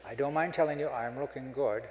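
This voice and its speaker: A man's voice: mid-range voice, fairly quick, lo-fi sound, noisy background. A middle-aged man giving a humorous keynote speech, a folksy joking storyteller, speaking on a stage microphone in a conference hall. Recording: echoey hall, live.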